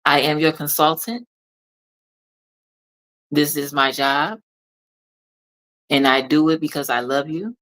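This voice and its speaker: Speaking as a consultant, a woman with a strikingly low voice gives a motivational monologue, addressing the listener directly in a forceful, preachy manner and repeating key lines for emphasis. Her pace is slow with long pauses, her tone fairly bright, and the audio quality is poor.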